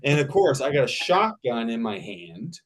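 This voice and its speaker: Male actor guest, mid-pitched, spins an anecdote with lively repetition and laughter. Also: normal speed. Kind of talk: casual anecdote storytelling.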